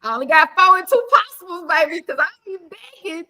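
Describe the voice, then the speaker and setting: Sassy woman host, high bright voice, aave, fired up and preachy. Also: a little fast. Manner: animated, sassy, preachy asides. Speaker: podcast host. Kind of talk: casual panel chat.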